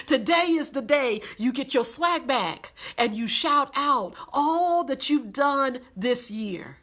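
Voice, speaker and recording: A woman's voice: high-pitched, expressive, moderate pace, few pauses, a bit bright. A woman hosting a weekly live devotional, preaching in a folksy, encouraging way, calling listeners honey and baby and repeating phrases for emphasis. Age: adult with a day job. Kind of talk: livestreamed encouraging sermon.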